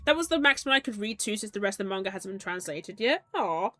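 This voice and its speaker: A woman's voice: mid-range voice, animated, fast, sharp tone. A woman streamer reading game text aloud and chatting with viewers in a rambling way, with lots of "like". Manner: chatty, peppered with "like", giggly asides.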